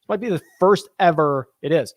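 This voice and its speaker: A man's voice: fairly high pitch, a little fast, no echo. Chatty man with a dry close sound. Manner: chatty, thinks aloud, reads viewer questions. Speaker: host. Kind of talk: casual live-stream chat.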